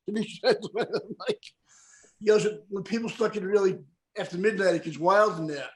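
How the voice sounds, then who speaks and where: Male podcast host, chatty and rambling, fairly high voice, tag questions. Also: normal speed, poor audio. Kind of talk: casual podcast interview.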